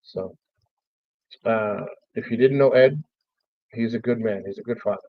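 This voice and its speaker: A man's voice: fairly low pitch, measured pace, no room sound, dull audio. A man giving a heartfelt, rambling memorial talk about a lost friend, swearing casually. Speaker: streamer. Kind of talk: emotional memorial monologue.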